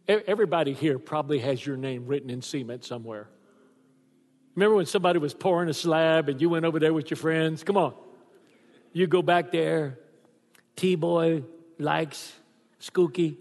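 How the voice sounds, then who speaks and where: Man, 60s, pastor, sermon, animated storyteller, slightly high voice, long hall reverb.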